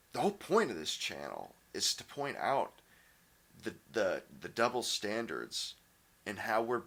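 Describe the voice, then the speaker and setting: A man hosting his own channel, ranting casually in a blunt, profane way, with many halting restarts and fillers. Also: mid-range voice, fairly bright tone. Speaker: channel host. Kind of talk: casual opinion rant.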